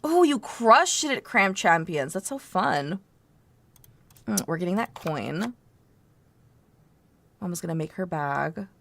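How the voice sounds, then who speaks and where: A woman's voice: lowish voice, sing-song, slow pace, vocal fry, pauses often, a bit bright. A woman streaming a video game, chatting playfully with viewers and giggling often. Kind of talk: casual gameplay commentary.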